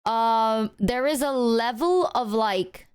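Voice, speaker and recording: A woman's voice: a little high, takes it slowly, smooth, dry recording, studio quality. A woman streamer chatting casually with her viewers in a loose, rambling way, full of filler words and swearing.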